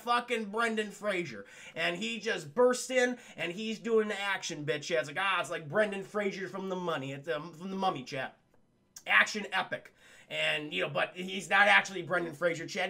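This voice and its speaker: Profane, gravelly, bright-voiced male streamer. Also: high-pitched. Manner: profane, rambling, addresses chat. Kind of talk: casual spoiler film review on a livestream.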